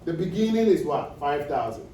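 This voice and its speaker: This lecturer's voice is on the high side and sing-song, dark in tone at a normal speed, as he teaches accounting, repeating key points and checking understanding with questions. Echo, faint noise and a distant mic mark the recording.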